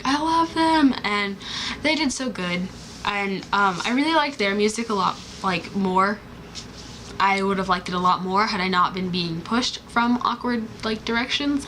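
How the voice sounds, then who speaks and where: Young woman, casual vlog, bubbly, rambling, lots of fillers, mid pitch, faint hiss behind. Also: fairly bright tone, low-quality recording. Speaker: vlogger.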